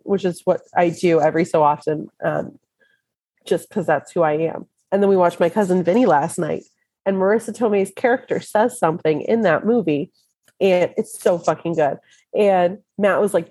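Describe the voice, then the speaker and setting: A woman co-hosting a podcast in casual chat, a bit hoarse from illness, telling stories with frequent laughs. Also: fairly low pitch, a little mellow, dry recording. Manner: laughs often, chatty storytelling. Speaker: podcast co-host.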